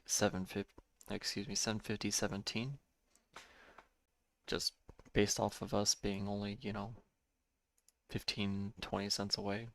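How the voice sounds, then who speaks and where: Male trader, lowish gravelly voice, measured think-aloud delivery, dry close mic. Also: fairly bright tone, dry recording. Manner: measured, thinking aloud with small self-corrections. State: yawning, a bit tired. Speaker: day trading streamer. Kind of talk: live market commentary.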